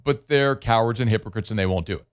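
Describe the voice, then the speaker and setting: A middle-aged man hosting a sports talk radio show from a studio, talking in an animated, emphatic way that swings up and down. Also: lowish voice, fast, clean tone.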